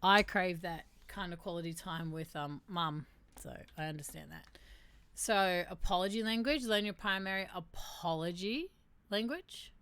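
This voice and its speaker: A young woman hosting a casual livestream, reading aloud and chatting, animated, laughing and swearing now and then. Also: lowish voice, normal speed, smooth. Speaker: streamer hosting a mental health segment.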